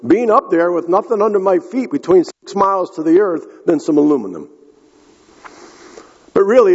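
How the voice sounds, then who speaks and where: Man, pastor preaching, earnest, husky, long hall reverb, muffled lo-fi sound. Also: on the high side, darkish tone. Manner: earnest, repeats and restarts phrases. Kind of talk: sermon. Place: large church hall.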